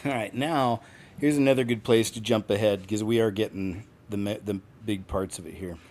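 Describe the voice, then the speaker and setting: A man's voice: on the low side, steady tone, normal speed, a little mellow. A man hosting a show, speaking casually as he introduces clips and skips ahead. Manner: offhand, narrating what he plays next. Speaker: host. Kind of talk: casual commentary between clips.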